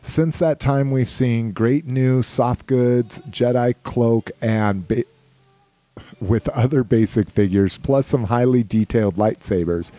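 A man's voice: medium pitch, slow pace, warm tone, no room sound. A man hosting a casual podcast, reading listener questions aloud and chuckling often in an easygoing way. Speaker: podcast host.

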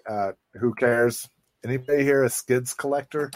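A man's voice: mid-range voice, moderate pace, no room sound. A man hosting a casual toy-collector podcast, talking loosely with lots of swearing and restarts. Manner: loose, profane, restarts often. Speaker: podcast host. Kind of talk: casual chat.

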